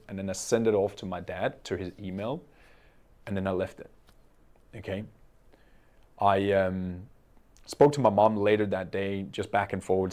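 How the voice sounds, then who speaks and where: Young guy, lowish voice, earnest, keeps asking "okay?" while telling his story. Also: a little mellow. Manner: earnest, with frequent "okay?" tag questions. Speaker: coach and entrepreneur. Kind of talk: personal storytelling to camera.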